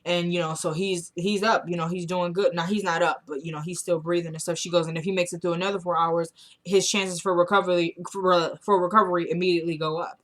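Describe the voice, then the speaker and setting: A woman's voice: on the low side, little pitch movement, fast, a bit bright. Chatty woman recapping a TV episode. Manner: retells scenes in quoted dialogue, chatty and opinionated. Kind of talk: casual recap chat.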